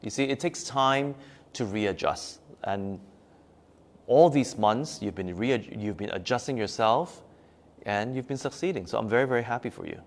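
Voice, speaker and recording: A man's voice: medium pitch, normal speed. A man leading a live-streamed meditation teaching, talking emphatically, repeating key words for stress, and reading out and answering viewers' comments. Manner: reads viewers' comments aloud and replies. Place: meditation room at a forest retreat.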